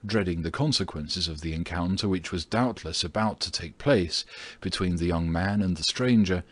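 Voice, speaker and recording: A man narrating an audiobook with a steady, measured reading. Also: deep voice, husky, dry recording. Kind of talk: scripted narration.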